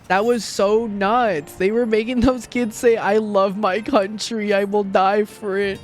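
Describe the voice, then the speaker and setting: A sarcastic male streamer rants casually, swearing freely and slipping into mocking voices for the people he quotes. His voice sits a bit high, and faint music plays behind him. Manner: ranting, sarcastic, swears often.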